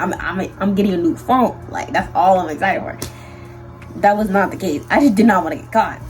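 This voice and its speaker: A young woman recounts a story for her vlog, talking in an animated, slangy rush of fillers. Her pitch sits in the middle, and soft music plays faintly behind her. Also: fast, poor audio. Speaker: vlogger.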